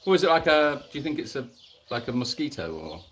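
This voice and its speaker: A man's voice: mid-range voice, sing-song, fast talker, slight background noise. A man co-hosting a casual live Q&A stream outdoors at an animal sanctuary, jokey and teasing as he reads out viewer comments.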